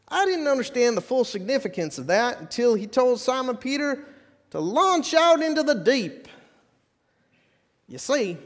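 A man voicing an excitable old-timey Wild West fisherman in a folksy drawl, telling a first-person story during a sermon. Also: extremely high pitch, long reverb tail, voice pushed up, full character voice.

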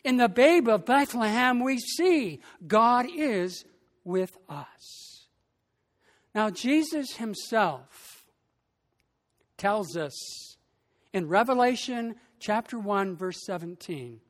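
A pastor preaching a sermon with a slow, deliberate delivery, rising in emphasis on key phrases. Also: medium pitch, animated, big-room sound.

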